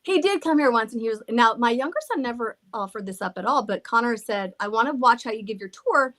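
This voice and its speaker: Speaking a little fast in an animated, somewhat bright voice on the high side, the haunted villa's middle-aged owner tells rambling stories. She laughs and swears freely as she chats.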